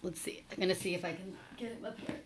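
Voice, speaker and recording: Lower-voiced woman hosting a sarcastic live chat. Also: fast, noisy background. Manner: sarcastic, chatty, reacts to viewer comments. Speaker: talk show host reading live chat. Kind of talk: casual live-stream commentary.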